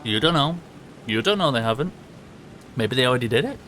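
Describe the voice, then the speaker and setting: A man's voice: mid-range voice, lively intonation, fairly quick, bright, forceful tone, slight background noise. Chatty Yorkshire man streaming games. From England. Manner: rambling, laughs often, swears, answers chat. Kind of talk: casual live-stream chat while gaming.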